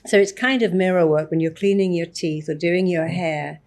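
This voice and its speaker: A woman with a somewhat low voice is a guest in an interview. She speaks emphatically and acts out short example lines as she explains. She sounds animated and sure of what she says. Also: normal speed. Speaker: therapist guest. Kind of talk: interview conversation.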